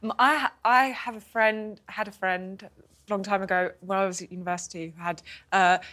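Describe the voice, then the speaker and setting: A woman's voice: mid-range voice, fairly even intonation, normal speed, pushed and bright. Hesitant middle-aged woman panelist. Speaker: studio panelist. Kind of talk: casual studio chat.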